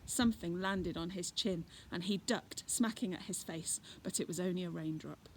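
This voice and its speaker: A woman's voice: fairly low pitch, moderate pace. A woman reading a children's adventure book aloud expressively, adding chatty asides. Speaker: reader. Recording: noisy recording.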